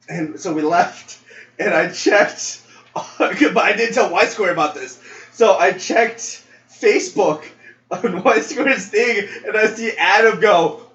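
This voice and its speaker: High-pitched young man, animated storyteller, echoey room, distant dull mic. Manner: animated storyteller acting out quotes, laughing often. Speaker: podcast co-host. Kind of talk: casual storytelling chat. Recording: roomy, distant, dull lo-fi mic with faint noise.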